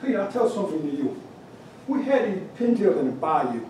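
A man's voice: on the high side, big pitch swings, normal speed, noisy background. A man putting on a blunt Cajun judge. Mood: blunt folksy. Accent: Cajun, put on. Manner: folksy, blunt, broken grammar. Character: blunt older male Cajun bird judge. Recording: echoey hall, mic far off.

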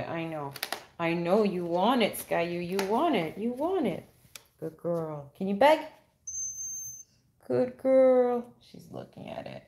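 A woman's voice: mid-range voice, a little mellow, a little hiss or hum. A woman hosting a live stream, talking playfully to her dog in baby-talk and laughing often while answering viewers. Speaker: dog channel host.

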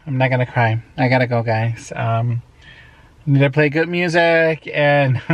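Slow-talking man vlogging to camera. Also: medium pitch. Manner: slow, emotional, reflective then chatty. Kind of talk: casual vlog talk to camera.

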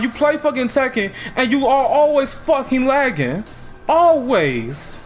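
A male streamer ranting profanely during a fighting game, shouting in frustration. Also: extremely high pitch. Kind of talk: angry gaming stream rant.

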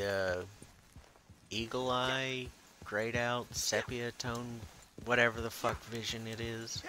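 A gaming channel host with a mid-range, bright, forceful voice speaks slowly and with fairly even intonation. He swears and mutters to himself as he hunts and explores in a game, giving running commentary. The recording is noisy.

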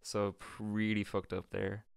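A man's voice: on the low side, slow, vocal fry, smooth. A young man with a Dublin accent, co-hosting a podcast and telling a story casually. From Dublin, Ireland. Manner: relaxed storytelling with swearing. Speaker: podcast host.

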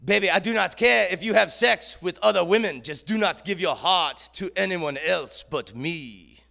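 A man's voice: high voice, animated, moderate pace, creaky, sharp tone, exaggerated voice. A man putting on a purring Frenchwoman with a French accent.

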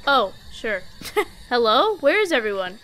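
A woman's voice: a little high, big pitch swings, unhurried, fairly bright tone. A woman streamer chatting playfully while playing a ghost-hunting game, teasing and giggling. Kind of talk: casual gaming chat.

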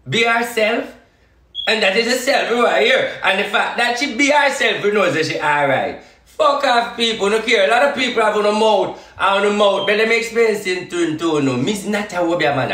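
A man's voice: on the high side, bright, forceful tone, reverberant, distant mic. A man with a Jamaican accent giving a defiant, repetitive live-stream address to his followers.

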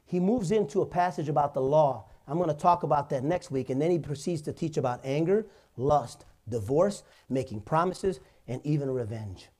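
A man's voice: on the high side, moderate pace, few pauses, a little mellow. Man preaching a storytelling sermon. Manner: storytelling, builds to emphatic preaching. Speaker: pastor. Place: church.

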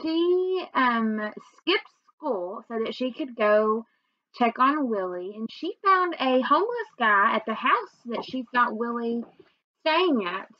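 Speaking slowly in a slightly high, sing-song voice, a woman teacher sums up the earlier chapters with many fillers and then reads on steadily from the novel to her students. There's no echo, and the audio is lo-fi.

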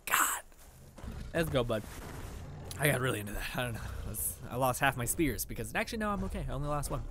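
A young man giving casual, excitable gameplay commentary, swearing a lot and yelling at enemies as he plays. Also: mid-range voice, fast talker, slight background noise. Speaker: let's play gamer.

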